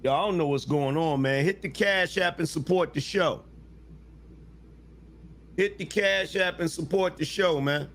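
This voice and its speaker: A male podcast host talks through a viral clip, pressing his points and checking in with his viewers again and again. His voice sits fairly high, and he speaks at an unhurried pace. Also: fairly bright tone. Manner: emphatic, keeps asking "right?".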